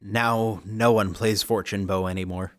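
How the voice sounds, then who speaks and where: A man's voice: lowish voice, steady tone, a little slow, fairly bright tone, no echo, studio quality. A man co-hosting a casual card game podcast, chatty and upbeat, laughing often and stumbling over words now and then. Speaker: co-host.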